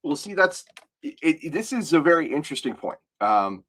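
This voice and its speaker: A man's voice: on the high side, big pitch swings, normal speed, fairly bright tone. Man thinking aloud on a podcast. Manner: explains lore at length, thinking aloud. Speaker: podcast co-host. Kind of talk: casual podcast discussion.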